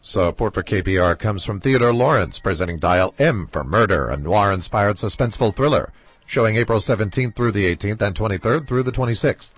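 A man reading a scripted sponsor announcement for public radio in an even, formal announcer style. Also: fairly low pitch, a little fast, husky, dry recording. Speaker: underwriting announcer.

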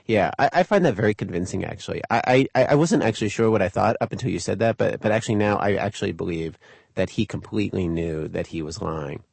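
Gravelly, husky male host. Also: deep voice, quick pace, a little mellow, no room sound. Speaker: radio show host. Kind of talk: narration and interview.

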